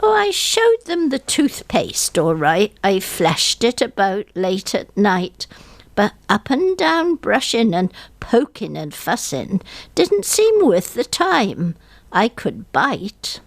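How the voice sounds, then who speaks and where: A woman's voice: medium pitch, huge pitch swings, slow pace, gravelly, dry recording, exaggerated voice. A woman voicing a rueful older woman lamenting her rotten teeth, in an English country accent, with a lilting comic recitation. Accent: English country accent, impression of a poet.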